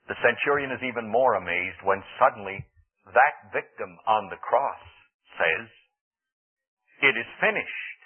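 A man's voice: lowish voice, normal speed, breathy edge, narrow, tinny audio. A man preaching a sermon, telling the story earnestly and dramatically, with rising emphasis. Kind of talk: radio sermon.

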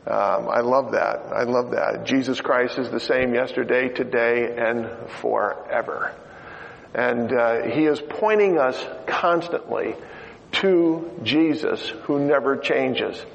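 Slow, gravelly older man preaching. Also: mid-range voice, slight background noise. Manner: chatty, joking preaching with many fillers. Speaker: pastor. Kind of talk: sermon. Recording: dull lo-fi sound in a reverberant hall.

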